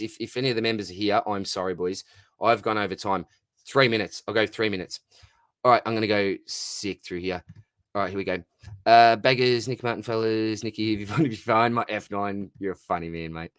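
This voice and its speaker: A man's voice: lowish voice, brisk, a bit bright, clean tone, no room sound, studio quality. An Australian man hosting a casual live Q&A stream, laid-back and chatty, reading out viewer questions and calling everyone mate. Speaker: fantasy football livestream host.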